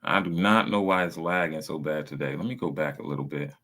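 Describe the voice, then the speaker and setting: A man's voice: rumbling low, steady tone, brisk, pushed and bright. A man, reacting to videos on a casual stream in a blunt, profane, rambling way.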